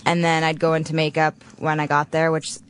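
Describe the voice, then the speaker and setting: A woman's voice: sits low, monotone, brisk. A young actress on a studio radio talk show, chatting casually and self-deprecatingly, often restarting her sentences. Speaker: actress guest.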